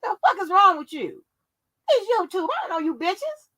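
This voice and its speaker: A woman's voice: extremely high pitch, big pitch swings, moderate pace, sharp tone. A woman hosting her own channel, delivering a profane, confrontational rant that scolds her viewers. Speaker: channel host.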